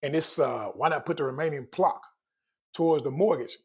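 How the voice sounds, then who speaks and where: Man hosting a finance vlog: husky, higher voice, jokey and direct with viewers. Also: a little fast. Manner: animated, joking, addresses viewers directly. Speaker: personal finance vlogger. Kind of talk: casual chat to camera.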